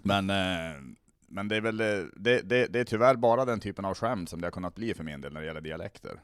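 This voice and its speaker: A man's voice: low voice, fast talker, smooth, no echo, studio quality. A man whose first language is Swedish, hosting a comedy podcast in a casual chat, hesitant with many fillers and restarts.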